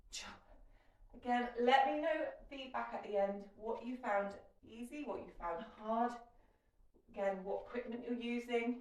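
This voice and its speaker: A woman leading a kettlebell workout as fitness instructor, giving chatty, encouraging cues. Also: fairly high pitch. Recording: echoey room, mic at a distance.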